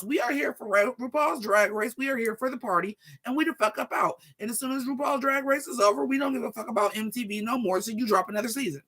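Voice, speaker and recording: A vlogger in their forties ranting casually to viewers in a profane, sassy, animated way. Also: medium pitch, fast talker, hardly any pauses. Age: 40s. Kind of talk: casual rant to camera.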